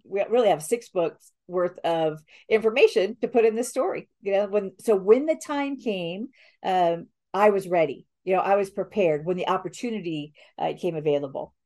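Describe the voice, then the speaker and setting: A woman's voice: medium pitch, moderate pace, mellow. Friendly woman author as podcast guest. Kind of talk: casual conversation.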